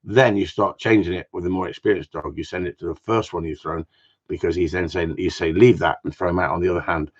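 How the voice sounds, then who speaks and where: A man's voice: sits low, steady tone, fast, husky. A man from Cornwall, a gundog trainer, giving blunt, jokey advice in a casual live talk. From Cornwall, England. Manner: blunt, jokey, plain-spoken. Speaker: gundog trainer answering viewer questions. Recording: dull lo-fi sound.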